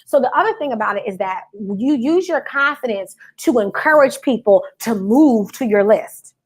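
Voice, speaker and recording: Energetic woman coaching a live audience. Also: a little high, normal speed, slightly rough. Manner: energetic, call-and-response, repeats for emphasis. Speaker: business coach. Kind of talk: live-streamed business teaching.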